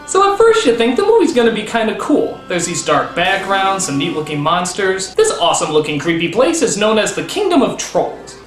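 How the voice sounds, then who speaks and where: A man's voice: high voice, wildly swooping pitch, fairly quick, few pauses, fairly bright tone, echoey room. Exasperated ranting male film reviewer. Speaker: host.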